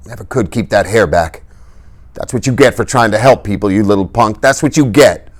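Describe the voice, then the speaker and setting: A man's voice: lowish voice, a little fast, voice pushed up, natural voice. A man voicing a reckless, tough teenage greaser boy who talks in urgent, commanding street slang. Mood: desperate.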